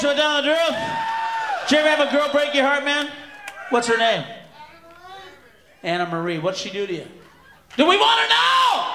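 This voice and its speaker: A man performing a crude, ranting stand-up routine live, shouting at the audience. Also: extremely high pitch, vocal fry. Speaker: stand-up comedian. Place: large venue with audience. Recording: roomy live recording with crowd and noise. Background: audience laughter.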